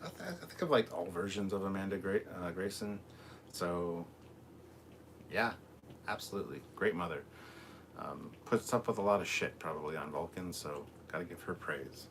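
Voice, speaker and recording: A man's voice: low-pitched, normal speed, a bit bright, a little hiss or hum. A man hosting a casual live stream from home, reading chat comments aloud in a rambling, easygoing way with lots of fillers. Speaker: livestream host reading chat. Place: home room with TV. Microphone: camera mic at a distance.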